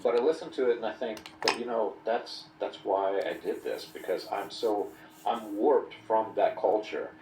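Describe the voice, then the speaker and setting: Very deep-voiced man podcast host. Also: normal speed, roomy sound, far from the mic, background noise. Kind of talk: casual conversation.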